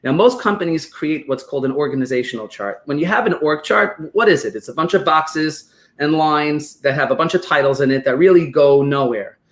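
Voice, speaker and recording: A man with a New York accent, a guest on a podcast interview, explaining business ideas through animated stories and acted-out quotes. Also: a little high, brisk. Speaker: guest expert on business operations.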